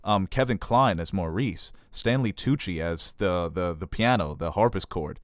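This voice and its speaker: A man's voice: low-pitched, moderate pace, dry recording, clean studio sound. A man giving a casual, opinionated movie review in a conversational way, with rhetorical questions.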